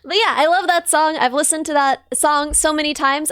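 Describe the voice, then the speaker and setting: A high-pitched woman streamer with a slightly hoarse, worn voice chats casually and playfully with her viewers, thanking them and laughing at herself. The sound is close and dry, with faint music underneath. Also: a little slow, fairly bright tone, dry recording. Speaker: livestreamer. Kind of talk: casual livestream chat with viewers.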